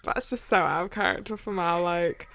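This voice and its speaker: Woman podcast cohost, lowish voice, dry close mic, animated chatty rants. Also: gravelly, dry recording. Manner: animated and emphatic, quick restarts and mock outrage. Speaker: podcast co-host. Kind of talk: casual chat.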